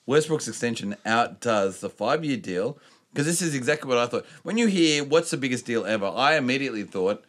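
A man co-hosting a podcast, talking in crude, rambling banter and reading sports news haltingly. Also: mid-range voice, lively intonation, a bit bright. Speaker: podcast co-host. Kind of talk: casual sweary podcast banter.

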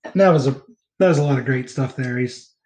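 A man hosting a casual movie commentary chat, rambling through scene recaps with fillers and quick laughs. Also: mid-range voice, darkish tone, roomy sound, slight background noise, poor audio. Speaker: podcast co-host.

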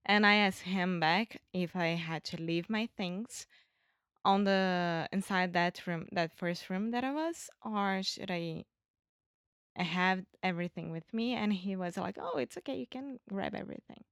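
A Brazilian woman, a native Portuguese speaker, telling a story in English with hesitant pauses and self-corrections. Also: fairly low pitch, a bit bright, clean tone, no echo, studio quality. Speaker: guest and English learner. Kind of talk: casual storytelling.

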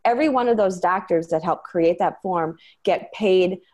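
A woman speaks as an interview guest in a somewhat low voice. Her talk is earnest and quick, dotted with fillers and restarts as she explains her views. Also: darkish tone. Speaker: interview guest, medication-transparency advocate. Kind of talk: conversational interview.

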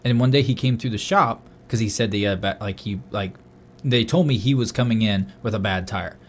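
A young man casually telling a long story on a podcast, swearing often and getting loud when he quotes himself. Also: fairly low pitch, brisk, slight background noise. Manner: animated, swears a lot, loud bursts when quoting himself. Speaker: podcast co-host.

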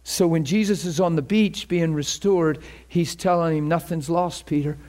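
Pastor, male, higher register, fervent preacher who jokes between points. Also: moderate pace, a little mellow. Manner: fervent preaching with prayer, playful asides and laughter. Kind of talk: sermon.

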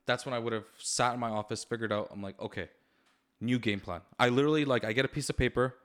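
A young man talking quickly on a casual podcast, with a voice of ordinary pitch for a man. He tells his stories with animated energy and a steady stream of profanity. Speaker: podcast co-host.

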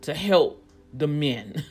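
A woman's voice: low-pitched, expressive, extremely slow, darkish tone, slightly rough. A woman vlogger in casual commentary, rambling as she thinks things through aloud and speaking straight to her viewers, growing emphatic when riled up.

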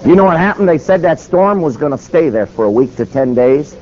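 Warm, animated and fairly quick, this man's higher-leaning voice carries a sermon in which he dramatizes a story and performs the quoted dialogue. Faint noise runs through the dull, lo-fi recording.

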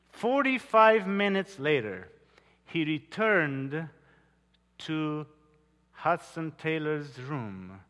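A man preaching a sermon, telling stories earnestly with dramatic pauses. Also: on the high side, a bit bright. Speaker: pastor. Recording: long hall reverb.

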